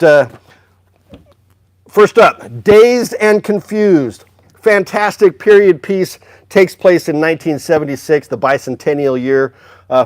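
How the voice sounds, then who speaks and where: A man's voice: on the high side, darkish tone, no room sound. A man hosting a casual music store livestream, upbeat and chatty, greeting viewers by name.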